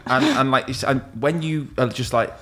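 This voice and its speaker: A man's voice: mid-range voice, normal speed, bright, forceful tone. A man, a tattoo artist who is a podcast guest, chatting casually and candidly, swearing freely as he rambles. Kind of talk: casual chat.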